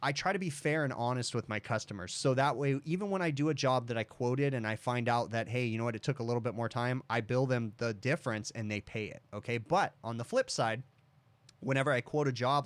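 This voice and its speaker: Brief: man, mid-pitched, casual livestream host, rambling anecdotes, dry close sound. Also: dry recording. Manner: rambling storyteller, says "okay?" often. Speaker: livestream host, HVAC technician.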